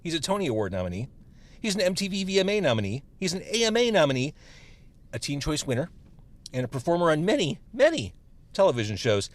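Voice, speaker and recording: A man's voice: fairly high pitch, fast. A man hosting a podcast, chatting casually and playfully in a parked car over food. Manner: chatty, playful, animated delivery. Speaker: podcast host.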